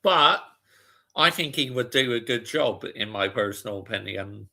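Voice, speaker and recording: Guy streaming a footy watch-along, gravelly voice, chatty, reading out comments. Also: fairly low pitch, lively intonation, moderate pace, bright, forceful tone. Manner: chatty, reads out viewer comments and answers them. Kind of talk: casual live football chat.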